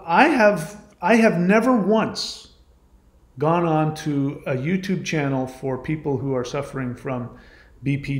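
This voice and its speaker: A man hosting a channel, delivering a monologue in reply to a viewer comment, emphatic and argumentative, repeating his points. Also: a little high. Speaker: channel host. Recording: echoey room.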